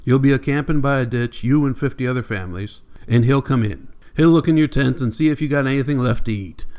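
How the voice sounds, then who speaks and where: A ragged, bitter migrant man speaks with nervous urgency in plain country talk, as an audiobook reader plays him. His voice sits at a middling pitch. The storybook telling stays earnest and pressing. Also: quick pace, darkish tone, natural voice. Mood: urgent. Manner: earnest, urgent warning in rural speech. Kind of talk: audiobook character reading.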